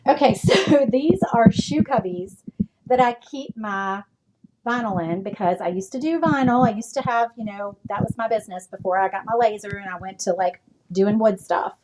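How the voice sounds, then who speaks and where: A woman's voice: medium pitch, normal speed. A woman giving a rambling, chatty live tour of her home craft room, slightly out of breath as she walks around, with lots of ums and likes. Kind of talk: casual live-stream chat. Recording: loud background noise with clicks.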